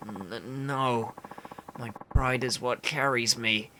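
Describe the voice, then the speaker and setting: A man's voice: medium pitch, sharp tone, slight background noise. A man doing a faint, starving young part-timer. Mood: proud, weak. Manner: weak, halting, stuttering, sighing.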